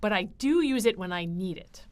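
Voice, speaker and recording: A woman's voice: mid-range voice, animated, normal speed, darkish tone. A woman instructor giving a recorded writing lecture, explaining step by step with frequent ums and uhs.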